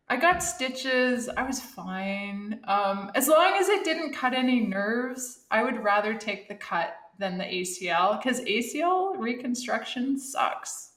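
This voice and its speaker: A middle-aged woman, a former Olympic athlete, telling animated stories in a casual podcast interview, laughing often. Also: a little high, slow, roomy sound.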